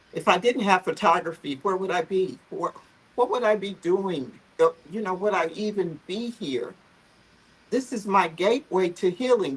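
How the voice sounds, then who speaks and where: A heartfelt woman speaks earnestly about her journey, her voice husky and a little breathy. She talks on a livestream video call, often close to tears. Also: lowish voice, low-quality recording. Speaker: founder of a photo therapy group, guest. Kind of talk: livestream conversation, personal story.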